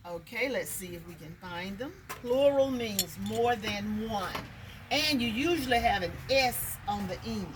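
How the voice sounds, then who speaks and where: A woman teacher walks parents through a reading lesson at a slow, careful pace. She sounds out words one by one and keeps checking in with "okay." A faint hiss of noise sits behind her voice. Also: mid-range voice, fairly bright tone.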